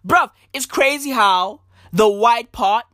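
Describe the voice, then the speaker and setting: A woman's voice: fairly high pitch, takes it slowly, fairly bright tone, no echo, clean studio sound. A woman delivering a profane comedic rant, mocking and repetitive, hammering lines home with heavy swearing. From South Africa.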